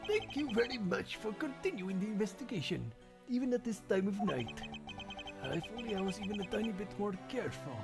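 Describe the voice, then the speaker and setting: A man's voice: high voice, expressive, vocal fry, over music, voice pushed up. A man voicing an apologetic old male ambassador in a put-on Middle Eastern accent, read a bit hurriedly for a live fandub. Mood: regretful. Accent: put-on vague Middle Eastern accent. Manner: hurried, rueful.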